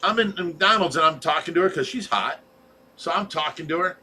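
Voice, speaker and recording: Animated man telling stories. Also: fairly high pitch, fairly quick, breathy edge. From Ohio. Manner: animated storyteller, laughs often. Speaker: livestream host. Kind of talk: casual storytelling chat. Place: home fish room.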